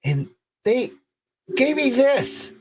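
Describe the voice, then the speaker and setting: A middle-aged man hosting a podcast live stream, excitable and rambling, with lots of restarts. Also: very high voice, drawn-out words, husky. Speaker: podcast host. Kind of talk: casual live-stream chat.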